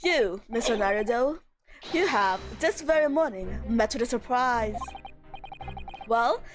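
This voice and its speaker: A woman's voice: on the high side, expressive, measured pace, over music. A woman voicing a pompous, eccentric male detective while reading game dialogue aloud in a theatrical, condescending way.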